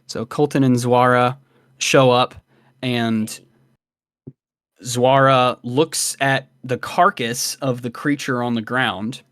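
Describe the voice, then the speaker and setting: A man narrating a tabletop game as dungeon master, unhurried, with fillers between beats. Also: medium pitch, fairly even intonation, fairly bright tone, clear, resonant tone, dry recording, studio quality.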